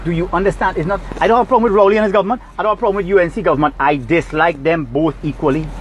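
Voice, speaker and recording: A man's voice: high-pitched, very fast, slight background noise, poor audio. A Trinidadian man recording a heated, scolding rant from his parked car. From Trinidad and Tobago. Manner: agitated, preachy, scolding. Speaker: vlogger.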